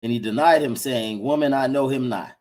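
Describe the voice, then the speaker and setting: A man reading King James style scripture aloud at a steady pace during a Bible lesson. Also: mid-range voice, a little fast, poor audio. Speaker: scripture reader.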